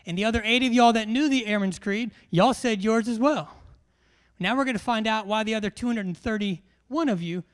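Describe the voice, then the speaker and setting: A man leads a military class through a briefing. His voice sits unusually high for a man. He jokes, teases and fires questions at the crowd with lively energy. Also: a little fast, smooth. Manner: joking, animated, quizzes the crowd. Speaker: military education instructor. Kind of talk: humorous briefing to a large class.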